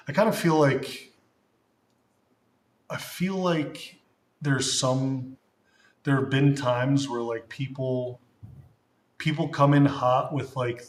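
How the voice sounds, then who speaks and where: A young man hosting a livestream, chatting loosely and rambling, with lots of restarts. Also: medium pitch. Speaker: streamer host. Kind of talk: casual livestream chat. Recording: roomy echoey room.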